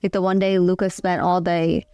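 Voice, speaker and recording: A woman's voice: lowish voice, level tone, moderate pace, warm tone, clean tone, no room sound, lo-fi sound. A woman in her thirties, a mother chatting earnestly with her husband in a casual, filler-heavy way. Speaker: co-host, mother. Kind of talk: casual chat.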